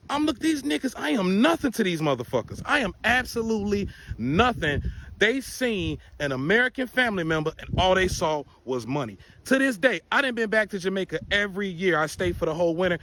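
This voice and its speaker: A man telling a profane, animated personal story in casual storytime style. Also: sits high, a little fast, slight background noise.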